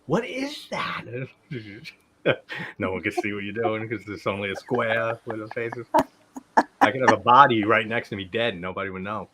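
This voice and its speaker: Male stream host, lowish voice, easygoing chatter with frequent laughs. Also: big pitch swings, measured pace, long pauses, background noise. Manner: laughs often, swears casually. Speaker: watch party host. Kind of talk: casual live-stream chat.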